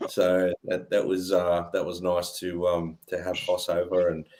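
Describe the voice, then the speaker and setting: A man co-hosting a casual live-stream chat, relaxed and hesitant with many filler sounds. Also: low voice, measured pace, a crowd in the background. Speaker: co-host, guitar player.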